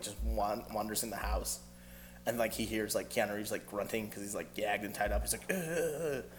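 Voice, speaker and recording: A man's voice: fairly low pitch, slight background noise. A man telling a rambling movie story in a casual podcast chat, full of fillers and laughing asides.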